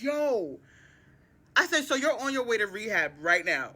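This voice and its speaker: A woman telling a dating story on a talk show, slangy and expressive, acting out both sides of each conversation. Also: fairly high pitch, normal speed. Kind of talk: animated story time.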